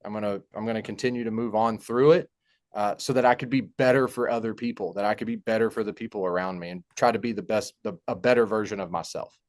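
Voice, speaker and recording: Halting, heartfelt young man. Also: fairly low pitch, fairly even intonation, darkish tone. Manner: halting and heartfelt, many fillers and restarts. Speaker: podcast guest. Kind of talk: personal story in casual conversation.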